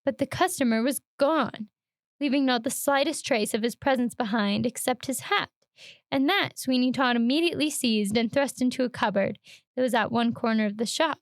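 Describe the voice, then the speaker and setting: Brief: high-voiced woman host, reading an old tale aloud, measured and expressive, dry close sound. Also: no room sound.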